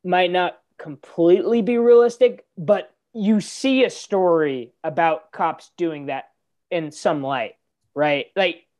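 A man's voice: high-pitched, slow pace, darkish tone. A young man on a podcast, chatting casually about comedy films, rambling with restarts, swearing and laughing often. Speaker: podcast co-host. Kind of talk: casual movie chat.

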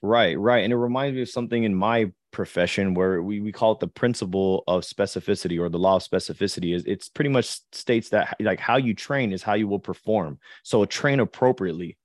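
Fast-talking low-voiced man in dry sound. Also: dry recording. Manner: casual and conversational, with lots of "like" and "you know". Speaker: podcast co-host. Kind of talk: casual podcast chat.

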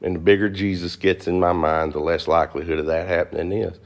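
A middle-aged male pastor preaching a sermon to a congregation, fast and folksy, rising into high emphatic bursts. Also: steady tone. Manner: fast-talking, folksy with y'all and ain't. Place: church before a congregation.

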